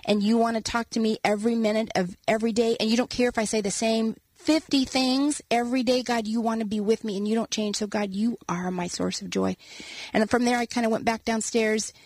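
A woman, an author and guest, telling a personal story in an earnest, animated way and acting out quotes as she talks. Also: on the high side, fairly quick, dry recording. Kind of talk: casual storytelling conversation.

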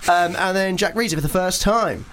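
A man's voice: high-pitched, fairly quick, fairly bright tone, slight background noise. A man co-hosting a radio comedy show, bantering casually and reading out a silly tale he wrote, laughing often. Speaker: radio co-host.

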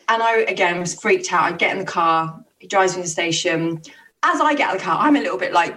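A woman's voice: fairly low pitch, expressive, fast, a bit bright, distant mic. A young woman telling stories in casual chat, swearing freely and restarting her sentences. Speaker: podcast co-host telling stories.

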